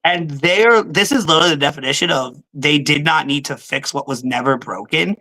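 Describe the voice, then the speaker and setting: A podcast co-host giving quick, opinionated takes on wrestling booking. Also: mid-range voice, pushed and bright, poor audio. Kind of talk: casual wrestling podcast talk.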